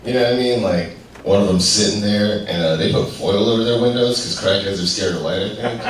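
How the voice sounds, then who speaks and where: A man's voice: on the low side, fairly quick. A man from Colorado performing a loose stand-up comedy set, acting out characters as he tells stories. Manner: loose, storytelling with acted-out characters. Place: live venue with audience. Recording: roomy, distant live recording, faint noise.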